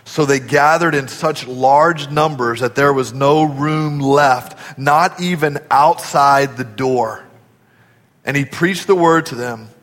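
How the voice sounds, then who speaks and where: A male pastor preaching a sermon, telling a story in an earnest way and dropping to a soft, low voice for emphasis. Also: slow, big-room sound. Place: church auditorium.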